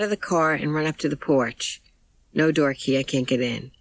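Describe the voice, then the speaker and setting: A woman's voice: low-pitched, moderate pace, no echo, rough recording. Dry, close woman audiobook narrator. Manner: plain, intimate storytelling. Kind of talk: first-person audiobook narration.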